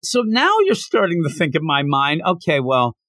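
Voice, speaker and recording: Animated man retelling a story. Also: fairly high pitch, normal speed, no room sound, clean studio sound. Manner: animated, acts out scenes, laughs often. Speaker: podcast host. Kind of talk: casual chat, retelling a manga.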